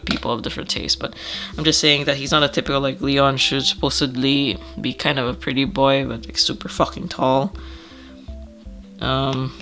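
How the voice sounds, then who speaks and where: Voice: mid-range voice, bright, forceful tone. An artist casually flipping through a sketchbook, rambling, swearing, laughing often and trailing off, with a slightly stuffy nose.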